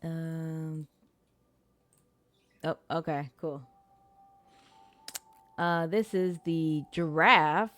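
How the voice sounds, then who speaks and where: Speaking extremely slowly and pausing often, a young woman streamer plays and narrates a game through her streaming mic, chatting, swearing, and laughing at her own struggles. Her voice is low and fairly bright, with a steady tone.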